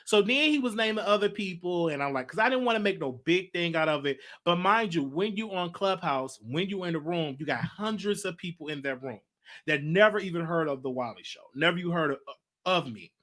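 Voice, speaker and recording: Animated, chatty man hosting a show. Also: high voice, a little fast. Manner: chatty, animated storytelling with slang asides. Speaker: host. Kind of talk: casual livestream talk.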